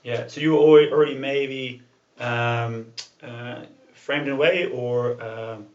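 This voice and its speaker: A man's voice: mid-range voice, steady tone, measured pace, darkish tone. A man giving a casual, loose talk to a small group, using many fillers and the odd swear. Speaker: club talk presenter. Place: room with a group of listeners. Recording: echoey room, far from the mic, dull sound.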